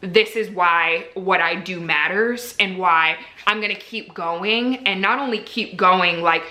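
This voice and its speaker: A young woman vlogging about her medical residency, chatty and earnest, filling her sentences with "like". Her voice sits slightly low yet carries a bright, forceful edge. The room around her is noticeably echoey. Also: a little slow. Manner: chatty, frequent "like" fillers, candid and earnest. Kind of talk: casual vlog talk to camera.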